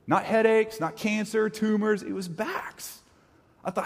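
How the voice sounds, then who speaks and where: Middle-aged guy preaching, chatty and animated, bit of a husky voice, big echoey hall. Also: high voice, unhurried. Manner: conversational and animated, acting out quotes. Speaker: pastor. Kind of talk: sermon.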